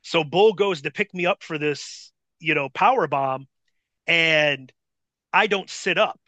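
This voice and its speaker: A man recounts a wrestling story in a casual, profanity-laced, animated way. His voice sits high with a bright, forward tone. The recording is dry and close. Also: slow pace, dry recording. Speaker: podcast guest, former wrestler. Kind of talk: casual anecdote telling.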